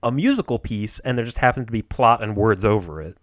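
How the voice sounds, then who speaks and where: A man co-hosting a podcast in casual chat, playful and quick to laugh, slipping into bits. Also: on the low side, lively intonation, dry recording, studio quality. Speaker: podcast co-host.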